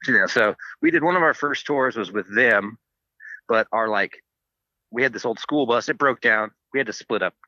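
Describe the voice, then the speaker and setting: A man's voice: mid-range voice, moderate pace, bright, forceful tone, dry recording, lo-fi sound. A man who plays in a band, a podcast guest telling stories in a dry, sarcastic way. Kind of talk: casual interview chat.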